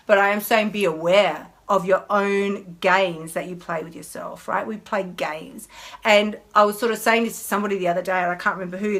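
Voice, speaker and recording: A woman, a health coach chatting casually on a live stream in an animated way. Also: medium pitch. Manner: chatty, animated, mimics whiny inner voices.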